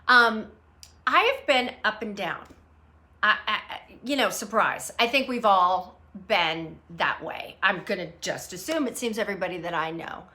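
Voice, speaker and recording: A woman's voice: medium pitch, normal speed, pushed and bright. A middle-aged woman hosting an unscripted livestream from her phone, rambling and greeting viewers by name as they join. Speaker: livestream host. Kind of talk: unscripted live chat.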